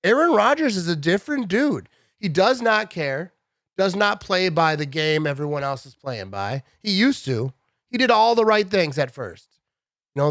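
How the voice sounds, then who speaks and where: A man in his thirties giving a casual, animated sports rant to his viewers, full of "bro" and "dude". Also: on the high side, no echo, studio quality. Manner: animated, chatty, says "bro" and "dude" a lot. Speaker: sports vlogger.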